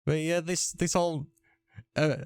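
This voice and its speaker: A man's voice: on the high side, flat delivery, unhurried, darkish tone, smooth, no room sound, clean studio sound. A man hosting a casual gaming podcast, chatting and rambling with restarts. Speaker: podcast host. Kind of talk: casual chat.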